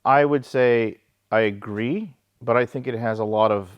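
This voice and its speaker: A man's voice: medium pitch, normal speed, no room sound, lo-fi sound. Wry, joking man with a dry sound. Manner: wry, joking, talks in restarts. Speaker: host. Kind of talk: casual film discussion.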